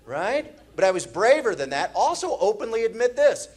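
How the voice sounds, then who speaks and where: A man's voice: high-pitched, sing-song, normal speed, a little mellow. A man from the Midwest doing stand-up comedy, telling anxious stories in a manic, rambling way on a comedy club stage.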